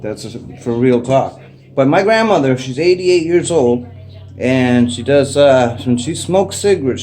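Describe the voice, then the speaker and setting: A man's voice: medium pitch, expressive, measured pace, darkish tone. A middle-aged man with a Canadian accent, talking casually and unscripted into a propped-up phone at home, rambling with lots of "eh" and "like". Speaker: vlogger. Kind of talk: casual unscripted chat to camera. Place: indoors at home. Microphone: phone propped up facing him.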